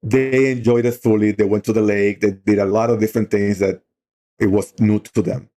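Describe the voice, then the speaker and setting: Man, middle-aged, low pitch, warm mellow tone, earnest storytelling, lots of fillers. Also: fairly even intonation, moderate pace. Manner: earnest, heartfelt, frequent "you know" fillers. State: emotional while telling the story. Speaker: guest on a talk show, outdoor program leader. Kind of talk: conversational storytelling.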